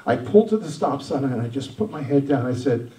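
Pastor, male, mellow voice, roomy sound from a distance, emphatic testimony. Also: medium pitch, lively intonation, a little fast. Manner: emphatic storytelling, swings loud and soft. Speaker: senior pastor. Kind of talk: sermon testimony.

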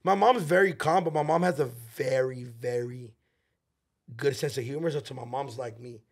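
A man's voice: mid-range voice, moderate pace. A man, co-hosting a casual podcast chat, telling stories in profane slang with Spanish phrases mixed in. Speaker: podcast co-host.

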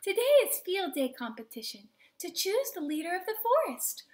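An excited, bossy little girl from a children's storybook, as a woman reads her aloud. The voice jumps high and bounces eagerly between notes. She sounds like a young friend rallying everyone to a game. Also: slow, full character voice.

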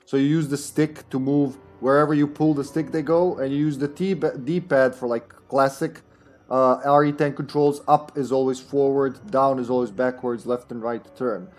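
A male streamer with as his chats loosely through a live game session, cracking jokes and laughing between lines. His pitch sits mid-range for a man, and faint music plays under his voice. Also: steady tone, normal speed. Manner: joking, laughs often, reads chat aloud. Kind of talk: casual live gameplay chat.

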